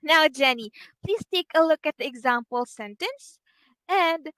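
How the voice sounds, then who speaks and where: A woman's voice: high voice, lively intonation, unhurried, fairly bright tone, dry recording. A woman with a Filipino accent teaching a one-on-one online English lesson, speaking patiently and drawing out her words with frequent okays.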